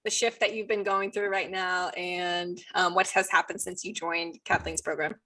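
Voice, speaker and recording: Bright, gushing woman podcast host. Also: fairly low pitch, level tone, moderate pace, dry recording. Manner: effusive, exclamatory, gushing. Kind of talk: enthusiastic coaching call.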